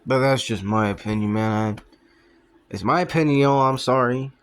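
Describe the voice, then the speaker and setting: A man's voice: medium pitch, normal speed, slight background noise. A young man rambling in a casual vlog monologue, trailing off often, with plenty of fillers and swearing. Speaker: vlogger.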